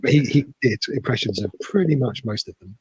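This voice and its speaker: A man's voice: mid-range voice, animated, a little fast, a little mellow, slightly rough, no room sound, poor audio. A British man from England, chatting casually as a guest and explaining slang with easy humor. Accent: British English. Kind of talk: casual chat.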